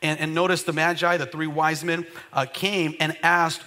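A male pastor preaches with a high, bright voice. He calls out to the congregation and waits for it to answer back in lively call-and-response. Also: a little slow. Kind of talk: sermon.

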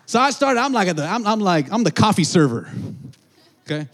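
A man preaching a sermon, telling a story in an animated way, acting out the voices of others and calling out to the congregation. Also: sits high, fast. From Southern California. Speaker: pastor.

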